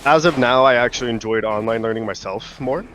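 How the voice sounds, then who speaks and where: This is a young man hosting a relaxed podcast conversation. He rambles and circles back on himself as he works toward his questions. His pitch sits in the middle of the male range. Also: a little fast, a little hiss or hum. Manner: rambling, many fillers and restarts. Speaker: podcast host. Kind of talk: casual podcast chat.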